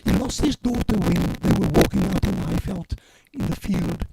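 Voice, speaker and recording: An older man, hoarse from years of choir singing, giving an earnest, halting eulogy for his granddaughter at a memorial service. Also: high voice, huge pitch swings, very noisy.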